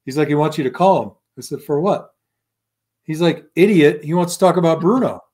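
Guy in his 50s telling stories on a podcast, kinda high voice, really animated, does everyone's voices. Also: a little fast, breathy edge. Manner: animated, acts out quoted voices, laughs often. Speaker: guest, former pro football lineman. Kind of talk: casual interview storytelling.

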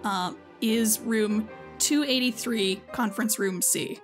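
A woman's voice: a little high, slow pace, faint music behind. A woman voicing a polite, apologetic woman teacher in a tabletop game.

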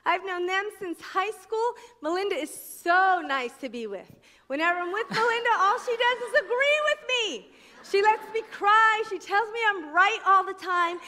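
A middle-aged woman from New Jersey giving a personal testimony talk at a conference, a lively storyteller who acts out the voices she quotes. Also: very high voice, moderate pace. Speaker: conference speaker. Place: conference hall stage. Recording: echoey conference hall.

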